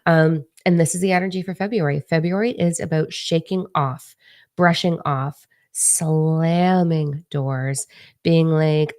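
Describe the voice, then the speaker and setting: In a casual spiritual vlog, a young channeler chats away, cursing freely and doing impressions of other people. Her voice sits low with a steady tone, a little slow and a little mellow, in studio-quality sound without room noise.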